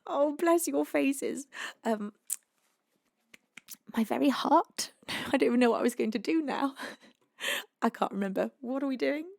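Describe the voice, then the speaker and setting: A British woman with a high voice that has a gravelly, fry-tinged edge. She chats casually between songs and is bubbly and effusive, gushing thanks. Her voice is close to the mic in a dry room. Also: measured pace, pauses often, no room sound. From United Kingdom. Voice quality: low voice she calls husky-edged. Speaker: live-streaming singer and host. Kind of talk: casual chat between songs on a live stream.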